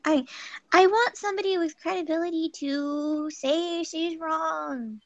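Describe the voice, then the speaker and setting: A woman with a high voice talks casually on a group stream. The sound is dry and close. She restarts her sentences with repeated words before she gets going. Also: no echo, muffled recording. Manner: repeats herself, halting start to sentences. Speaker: livestream participant.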